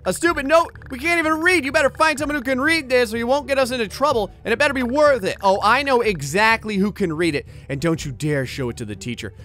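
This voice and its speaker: A man's voice: extremely high pitch, lively intonation, quick pace, hardly any pauses, bright, forceful tone, heavily acted. A man voicing a bossy, fierce little kindergarten girl in a video game who threatens the people around her.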